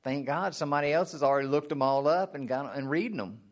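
A man giving a sermon in a conversational way, asking the listeners questions and answering them himself, and now and then acting out a mock prayer. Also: quick pace. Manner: acts out mock prayers in a high strained voice. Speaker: preacher.

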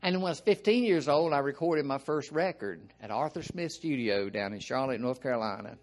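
An older man with a Southern American accent, preaching an informal sermon in a folksy, rambling way with frequent asides and throat clearing. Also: medium pitch, brisk, darkish tone.

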